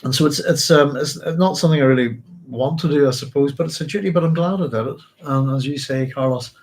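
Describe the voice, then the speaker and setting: A tired middle-aged man from Northern Ireland with a mixed Northern Irish and English accent, speaking to an audience in a halting, reflective way with many restarts as he talks about his late father. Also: on the high side. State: physically tired. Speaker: podcast host. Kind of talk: emotional personal storytelling to a live audience.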